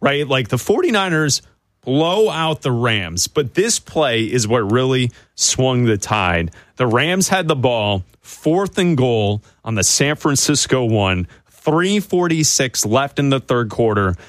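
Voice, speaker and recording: A man's voice: medium pitch, big pitch swings, takes it slowly, dry recording. A man hosting a sports radio show, breaking down games with playful banter. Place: radio studio. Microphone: studio mic.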